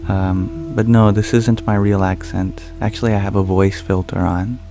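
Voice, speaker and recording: A man speaking softly and calmly as an ASMR livestream host, answering viewer questions. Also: deep voice, moderate pace, over music. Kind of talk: soft-spoken ASMR livestream chat.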